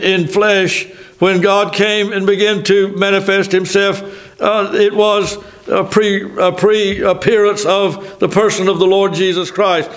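An older man with a Southern American accent preaching a sermon in a folksy way, stopping for asides and reading scripture slowly. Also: sits high, a bit bright. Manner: folksy, thinking aloud with asides. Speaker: pastor.

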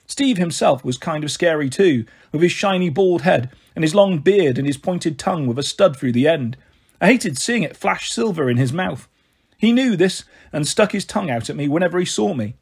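A man reads a children's novel aloud in a steady first-person narration. His voice sits a little high for a man and has a husky edge. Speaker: storyteller. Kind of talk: storybook reading.

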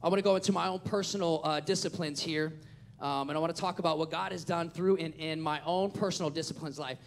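A man, preaching a sermon as a pastor and acting out a family story with lively storytelling. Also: fairly high pitch, fast. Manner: animated storytelling, acts out the scenes.

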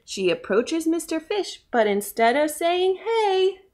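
Lively woman reading a children's story. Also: high-pitched, measured pace. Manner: animated, sing-song, asks children questions. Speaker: children's librarian.

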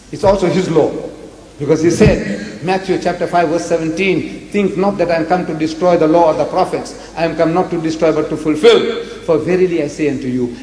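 A man's voice: on the high side, dark tone. A man from Africa, giving a public lecture to a live audience with rhetorical questions and acted-out dialogue. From South Africa. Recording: echoey hall with long reverb, faint noise.

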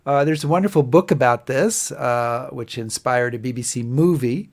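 A man's voice: mid-range voice, normal speed, gravelly. A man hosting a casual history chat on a video call, talking in a wry, chatty way. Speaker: host.

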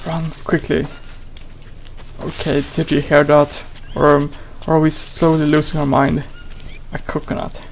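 A man's voice: a little high, level tone, unhurried, vocal fry, a little hiss or hum, low-quality recording. A man hosting a gaming channel, giving playful, exclamatory let's play commentary and talking to his character.

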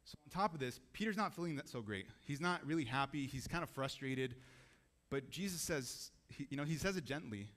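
A man's voice: medium pitch, animated, brisk, fairly bright tone. A man giving a sermon in a church, talking casually and asking the audience questions. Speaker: preacher.

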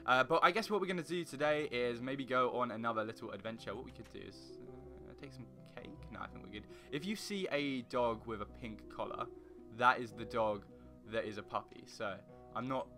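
This casual Minecraft let's play features a young YouTuber giving fairly quick, goofy, wandering commentary. He periodically belts out loud high singing and makes silly noises, while soft guitar music plays behind him.

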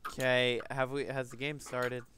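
A man's voice: medium pitch, level tone, moderate pace, crowd noise. A man playing a game with a friend over a voice call, mocking him wryly while they play. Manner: wry, mocking teammate. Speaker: gamer in a voice call. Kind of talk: casual gaming banter. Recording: clear hiss and keyboard clicks.

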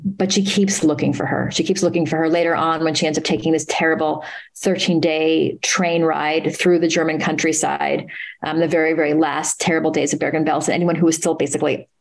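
A woman guest at a live talk, earnestly retelling a story with many pauses and restarts. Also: deep voice, vocal fry, poor audio. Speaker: author and interview guest.

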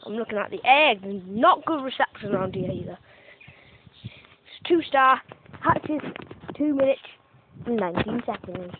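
A woman's voice: mid-range voice, animated, moderate pace. A young woman vlogger giving casual, self-mocking commentary while walking around outdoors playing a mobile game, swearing now and then. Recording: tinny phone-like audio with faint noise.

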